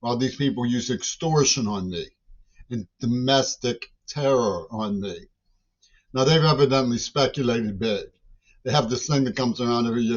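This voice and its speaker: An older man rants in a long, agitated monologue, often cutting off his words and starting over. His voice sits in an ordinary middle pitch. The recording sounds dull and lo-fi. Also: moderate pace. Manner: agitated, rambling rant with frequent restarts. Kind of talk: rambling monologue.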